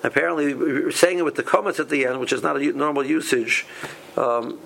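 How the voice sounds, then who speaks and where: Halting man teaching a Torah class. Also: mid-range voice, fairly even intonation, vocal fry, a bit bright, a little hiss or hum, low-quality recording. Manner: halting, many restarts and repeated words. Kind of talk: halachic lesson.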